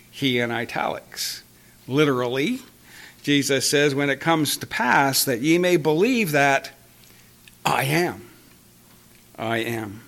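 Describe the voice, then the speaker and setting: A man preaching a conversational Bible-teaching sermon, chuckling now and then and pausing with fillers as he explains. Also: fairly high pitch, a bit bright.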